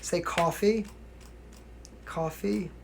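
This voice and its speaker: A man's voice: high-pitched, steady tone, very slow, creaky, slight background noise. A young man from New York with a mild New York accent, chatting casually on a livestream as a singer answering viewer questions, often asking "you know what I mean" and laughing.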